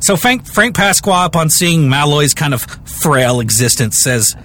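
A man's voice: a little high, normal speed, few pauses, a little hiss or hum. A young adult man co-hosting a podcast, casually telling a true crime story with jokes and restarts. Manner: animated, rambling, jokey, with many restarts.

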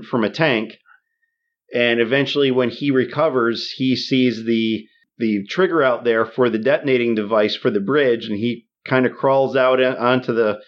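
Halting, animated man recapping a film. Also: mid-range voice, lo-fi sound. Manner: halting, many restarts and fillers, animated retelling. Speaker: podcast co-host. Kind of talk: casual movie discussion.

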